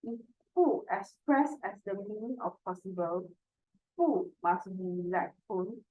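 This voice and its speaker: A woman's voice: mid-range voice, measured pace, husky. A woman teacher giving a workshop talk, methodically spelling out and repeating example words as she explains pronunciation rules. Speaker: Chinese teacher. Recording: tinny phone-like sound.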